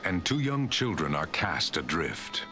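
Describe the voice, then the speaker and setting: A man narrating an old movie trailer in a deep, booming voice-over. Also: sing-song, unhurried. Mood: grave. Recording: old film trailer with music.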